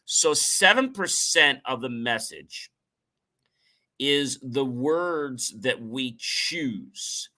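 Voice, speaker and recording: A middle-aged man hosting a motivational talk show, energetic, often repeating phrases for emphasis and acting out example tones of voice. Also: medium pitch, drawn-out words. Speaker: show host.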